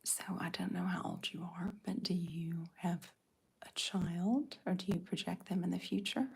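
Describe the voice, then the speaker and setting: A middle-aged woman hosting an ASMR livestream, answering chat in a soft breathy whisper. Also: lowish voice, fairly even intonation, normal speed.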